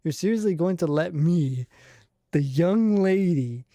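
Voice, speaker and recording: A man's voice: fairly high pitch, animated, a little slow, warm tone, no echo, clean studio sound, voice pushed up. A man voicing a self-important young lady as he reads game dialogue aloud, stretching out her proud words. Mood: haughty.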